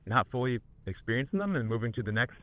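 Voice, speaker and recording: A man's voice: mid-range voice, sing-song, fast, narrow, tinny audio. A man, an entrepreneur being coached, speaking hesitantly with many fillers. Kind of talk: casual conversation.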